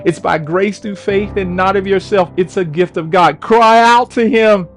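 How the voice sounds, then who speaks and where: A man's voice: sits high, measured pace, poor audio. A man preaching a sermon with fervent delivery, his voice rising into cries at the peaks. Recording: faint music behind.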